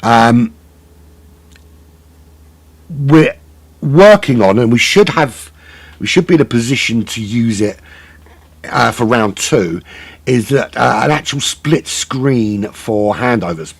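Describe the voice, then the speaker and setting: Speaking slowly in a mid-range voice with vocal fry and a breathy edge, a middle-aged man calls a live sim race. His intonation is lively, he pauses often, and he waffles on, poking fun at himself to fill the gaps.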